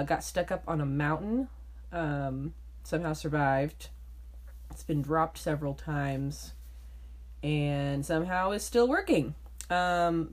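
A woman's voice: sits low, darkish tone. A woman co-hosting a casual podcast from her bedroom, talking in a sing-songy, giggly, rambling way. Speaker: podcast co-host. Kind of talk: casual chat.

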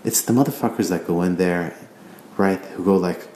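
Rambling profane man, lowish voice, echoey room. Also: normal speed, a little mellow, slight background noise. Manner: profane, rambling, stumbling over repeats. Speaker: podcast host. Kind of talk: casual solo podcast rant.

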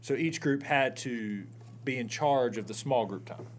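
A man's voice: mid-range voice, measured pace. Rambling man with faint hum. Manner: rambling, repeats himself. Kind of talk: casual chat.

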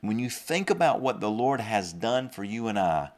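A man's voice: fairly low pitch, big pitch swings, normal speed. A young man with a Southern US accent preaching a podcast sermon earnestly, often repeating and restarting his phrases.

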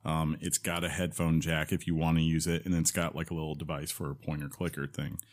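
A man with a very low voice co-hosting a podcast in casual chat. He rambles along, full of "um" and "like," restarting his sentences as he goes. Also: little pitch movement, brisk. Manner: rambling, with fillers and self-corrections. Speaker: podcast co-host.

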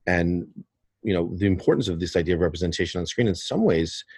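Deep husky man, earnest and measured. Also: animated, darkish tone, dry recording. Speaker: filmmaker interviewer. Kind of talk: reflective interview commentary.

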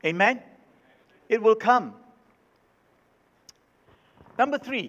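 A man's voice: high voice, expressive, slow pace, long pauses. A male pastor preaching a sermon, emphatic and repeating his key phrases. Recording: reverberant hall, dull sound.

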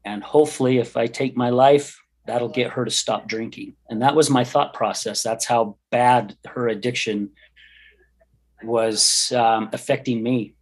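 This middle-aged man's husky, medium-pitched voice stays steady and a little slow as he tells his personal story. He's a podcast guest giving interview testimony, and his delivery is earnest, heartfelt and candid.

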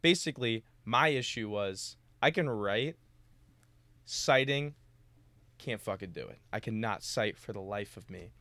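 A young college guy with a smooth, clean voice and a lowish pitch, talking loosely and swearing freely. He tells stories in a lively way and plays out the dialogue as he goes. The sound is close and dry. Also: unhurried, no echo. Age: young adult. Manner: animated storytelling, acting out dialogue, swears freely. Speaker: podcast co-host, college student. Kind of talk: casual chat.

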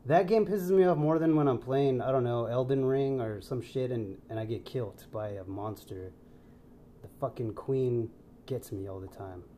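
A man's voice: mid-range voice, moderate pace, mellow, a little hiss or hum. A young man co-hosting a casual podcast, laid-back, swearing a lot and calling his friend dude. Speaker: podcast co-host.

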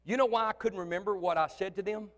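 A man preaching as the pastor of a church, in an animated style that swings from shouting to soft conversational asides. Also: high voice, quick pace. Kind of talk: sermon. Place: church sanctuary. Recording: long church hall reverb.

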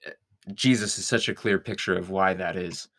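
A man's voice: low voice, normal speed, a bit bright. A man talking as a guest in a conversation, thoughtful and searching, sometimes laughing. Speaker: guest songwriter. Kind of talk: reflective conversation.

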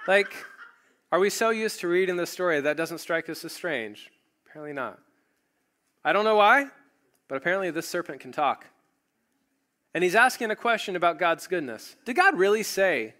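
A man's voice: high voice, lively intonation, moderate pace, pauses often, pushed and bright. A man preaching a sermon, retelling a story and acting out the quoted voices. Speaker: pastor.

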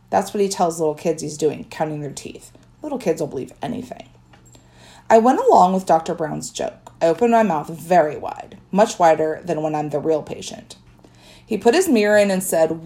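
A woman narrates a children's book in the first person with lively, expressive storytelling. Her pitch rises and falls a great deal. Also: normal speed. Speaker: audiobook narrator.

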